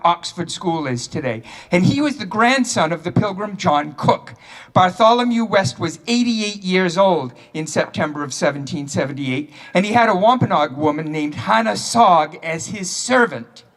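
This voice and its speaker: A man with a high voice and a New England accent tells a town's history story to a crowd. His delivery is lively, with dry humor slipped in between the facts. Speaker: local history speaker. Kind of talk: storytelling speech at a town ceremony.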